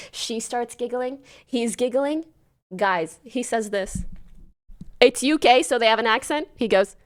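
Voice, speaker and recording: A woman with a slightly high voice hosts a casual livestream and talks straight to her viewers. She tells the story in an animated way, swears freely and slips into quoted lines as she goes. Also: normal speed. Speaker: livestream host.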